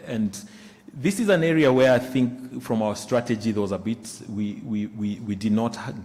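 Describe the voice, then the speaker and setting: Halting man presenting in a reverberant hall. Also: on the low side, a little mellow, a little hiss or hum. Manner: halting, many fillers and restarts. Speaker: bank executive presenting results. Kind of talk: results presentation. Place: conference room.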